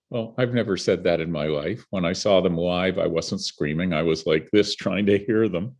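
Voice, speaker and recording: A man's voice: sits low, normal speed. An older man from Canada, a guest telling vivid stories in conversation and laughing between them. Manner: animated, vivid storyteller who laughs between anecdotes. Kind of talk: storytelling in conversation.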